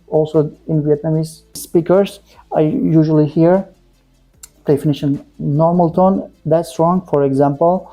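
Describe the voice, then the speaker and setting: A man teaching English pronunciation, saying example words slowly and repeating them, with short, plain corrections. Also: a little high, mellow. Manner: simple, direct phrasing with plain corrections. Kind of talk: pronunciation lesson.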